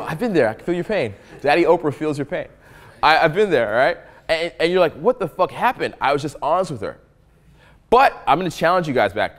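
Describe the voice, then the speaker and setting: A man giving a live dating-coach talk to an audience: animated, joking and profane, often acting out what people say. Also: mid-range voice.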